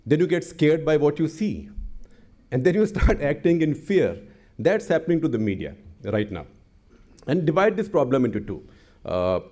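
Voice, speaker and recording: Impassioned Indian man, dark voice. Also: mid-range voice. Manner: impassioned, plain-spoken, storytelling asides. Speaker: newspaper editor on a panel. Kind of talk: panel talk.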